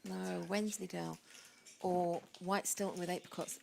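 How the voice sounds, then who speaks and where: A woman's voice: on the low side, little pitch movement, moderate pace, creaky, mellow. A woman giving casual live poker commentary, chatty and playful in her banter.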